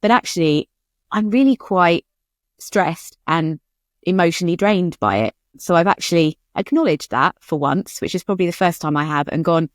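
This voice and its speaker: A woman's voice: fairly low pitch, moderate pace, dry recording, studio quality. A woman co-hosting a writing podcast in casual chat, candid and chatty. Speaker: podcast co-host.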